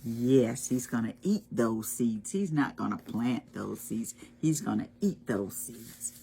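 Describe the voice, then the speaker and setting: Brief: woman children's storytime reader, low husky voice, unhurried. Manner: animated, asks children questions. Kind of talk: children's read-aloud.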